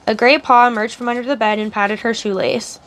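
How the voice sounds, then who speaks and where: A woman narrating a novel aloud on a live stream in a steady storytelling style. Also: fairly high pitch, brisk.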